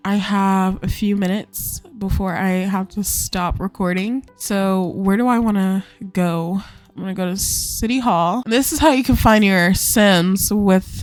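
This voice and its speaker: A woman's voice: medium pitch, no echo. Chatty young woman gaming commentator. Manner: chatty, excitable, bursts of loud laughter and squeals. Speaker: gaming YouTuber. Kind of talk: casual let's-play commentary. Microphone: desk microphone.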